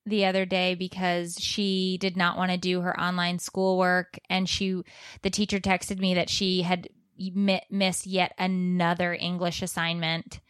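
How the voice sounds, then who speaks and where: A woman in her thirties, a mother, chatting as a podcast co-host and telling stories with lively, dramatic flair. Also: on the low side, clean tone, no room sound, studio quality. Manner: animated, dramatic storyteller. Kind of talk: casual chat. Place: warm recording room.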